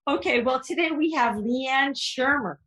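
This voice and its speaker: A woman's voice: high-pitched, a little slow, a bit bright. Playful woman co-host in an echoey room. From Vermont. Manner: playful, laughs easily. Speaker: podcast co-host. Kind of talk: casual podcast banter and guest introduction.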